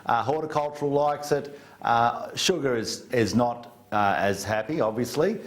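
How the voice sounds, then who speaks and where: A man's voice: mid-range voice, normal speed. Australian male guest, plain-spoken, blunt, mid-range voice. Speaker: government minister as interview guest. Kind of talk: interview down a remote studio link.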